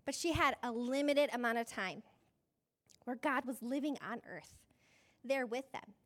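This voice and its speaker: A woman pastor with a slightly high voice delivers a conversational sermon at an unhurried pace. She's chatty and self-deprecating, says "like" often, and laughs mid-sentence.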